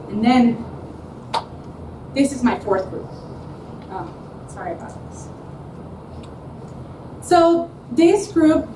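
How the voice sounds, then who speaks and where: In a presentation room at a showcase, a woman student with a fairly high voice tells animated stories, laughing often and acting out what people said. The room is echoey, the mic is far off, and there's a little hiss or hum.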